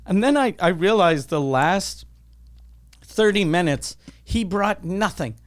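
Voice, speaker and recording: A man's voice: high-pitched, slow pace. A middle-aged man hosting a podcast, telling profane stories in casual chat and acting out the people he quotes. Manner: profane animated storyteller, acts out quotes. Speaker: podcast host.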